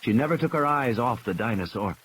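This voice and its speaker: A man reading a novel aloud as an audiobook narrator, with expressive, building tension. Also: mid-range voice, brisk. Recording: rain noise in background.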